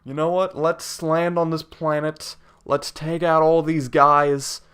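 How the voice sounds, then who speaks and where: A man's voice: on the high side, flat delivery, slow pace, a bit bright, clear, resonant tone. A man voicing a scheming, grandiose male alien overlord with pompous, villainous gloating.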